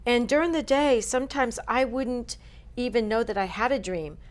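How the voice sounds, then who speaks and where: A woman as an interview guest, telling dream stories in an animated way and acting out the voices she quotes. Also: on the high side, moderate pace. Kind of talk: interview storytelling.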